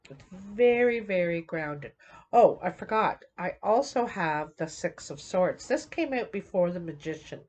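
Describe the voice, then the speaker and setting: Slow, low-voiced woman reading tarot. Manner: slow, meandering, many fillers and restarts. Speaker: tarot reader.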